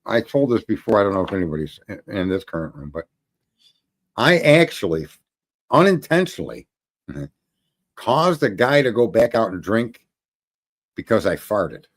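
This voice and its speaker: A man's voice: lowish voice, normal speed, pauses often. A middle-aged man telling a story in a casual monologue, swearing freely and laughing often. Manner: profane, animated, laughing often. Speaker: host.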